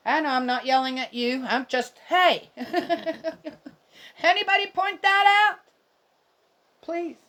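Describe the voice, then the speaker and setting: A woman's voice: high-pitched, steady tone, slow, long pauses, a bit bright. A middle-aged woman giving casual, indignant commentary on a Bible reading, rambling and speaking straight to her viewers.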